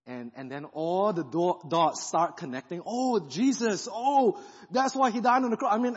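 A fairly high, husky male voice delivering a lively sermon testimony, acting out his own past thoughts as he tells the story. The sound is a bit dull and rings out with the long reverb of a large church hall. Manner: animated storytelling, acts out quoted thoughts. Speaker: guest pastor.

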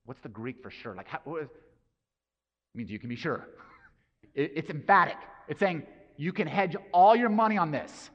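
A man's voice: fairly high pitch, lively intonation, moderate pace, pauses often. A man preaching a sermon in a casual, conversational way, asking the congregation rhetorical questions. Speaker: pastor. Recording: dull sound with long hall reverb.

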